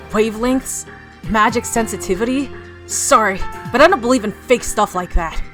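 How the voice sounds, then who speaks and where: A woman's voice: medium pitch, a bit bright, close to an everyday voice. A woman voicing a stubborn, skeptical teenage boy in a blunt, defiant way while reading a visual novel aloud.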